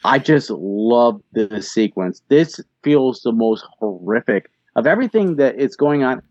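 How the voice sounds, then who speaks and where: A man's voice: medium pitch, lively intonation, unhurried, a little mellow, no echo, highs cut off. A man co-hosting a podcast who chats casually and enthusiastically, laughing often. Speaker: podcast co-host. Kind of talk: casual chat.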